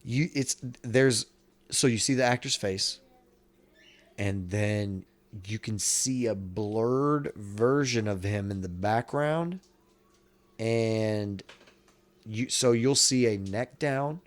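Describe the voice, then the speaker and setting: A podcast host with a lowish voice talks slowly in a casual chat, rambling, swearing freely and restarting his sentences again and again.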